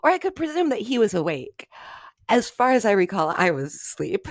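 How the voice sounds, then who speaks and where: A woman's voice: medium pitch, big pitch swings, fairly quick, no room sound, studio quality. A woman co-hosting a podcast in casual chat, telling stories with frequent giggles. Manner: giggly, self-amused storytelling. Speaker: podcast co-host.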